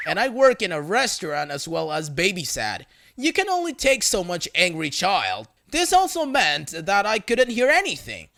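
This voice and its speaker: A high, lively male voice reads out a reddit story. His tone is bright with a gravelly edge, and the pitch swings widely from line to line. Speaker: narrator of reddit stories. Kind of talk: scripted story narration.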